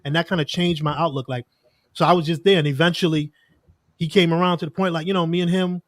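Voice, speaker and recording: A man's voice: on the high side, steady tone, fast, no room sound, studio quality. A man, a podcast guest telling stories in earnest, casual conversation. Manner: earnest storytelling with lots of "like" and quoted asides.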